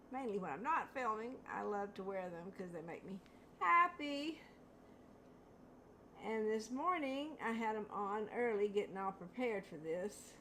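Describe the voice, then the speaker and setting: An older woman talks through a painting demonstration in an unhurried, rambling way, chuckling at her own mix-ups. Her voice sits a little high, and a faint hiss runs under the recording. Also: fairly bright tone. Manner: chatty, rambling, laughs at herself. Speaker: craft video host. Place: home studio.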